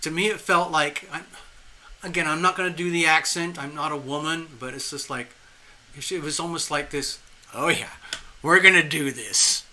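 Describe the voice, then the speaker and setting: Bright-voiced man giving a live tarot reading. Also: on the high side, normal speed, slight background noise. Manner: rambling and animated, with frequent restarts and chuckles. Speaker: tarot reader hosting a live stream.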